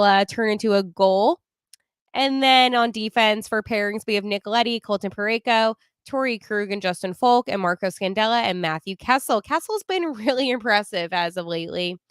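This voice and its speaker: Woman podcast host, mid-pitched, clear and smooth voice, dry close sound, chatty with frequent fillers. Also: a bit bright, no room sound. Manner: chatty, laughs often, many fillers. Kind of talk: casual live sports podcast.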